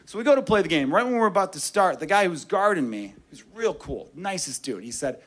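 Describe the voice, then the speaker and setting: A man's voice: high voice, sing-song, brisk, hardly any pauses, a bit bright. A man telling a story in stand-up, profane and self-mocking. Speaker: stand-up comedian.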